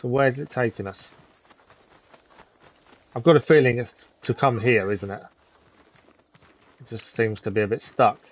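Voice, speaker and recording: A man's voice: mid-range voice, measured pace, pauses often, muffled recording. A man hosting a live gaming stream, chatting casually with viewers and commenting on the game. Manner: chatty, friendly, reads chat aloud, says "to be fair" often.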